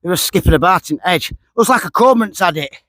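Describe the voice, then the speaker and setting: A man's voice: sits high, animated, quick pace, a bit bright, no room sound. Chatty man fishing outdoors. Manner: chatty, drops articles, repeats himself. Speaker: fishing vlogger. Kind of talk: casual talk to camera while fishing. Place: lakeside outdoors.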